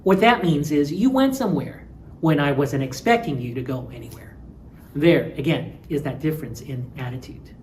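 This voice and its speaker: Low-voiced woman lecturing, explains step by step and acts out little example lines, faint background noise. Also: lively intonation, normal speed, darkish tone. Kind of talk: recorded linguistics lecture.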